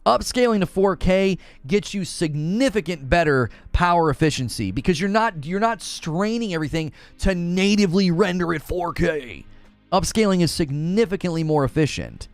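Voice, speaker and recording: A man hosting a casual gaming livestream, talking in an animated, exasperated rant to his chat. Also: high-pitched, normal speed, no room sound, faint music behind.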